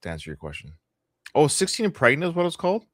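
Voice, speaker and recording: A man's voice: on the high side, huge pitch swings, quick pace, a bit bright, no echo, studio quality. A middle-aged Canadian man co-hosting a live podcast, chatting casually with a joking, rambling, sarcastic manner. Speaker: podcast co-host.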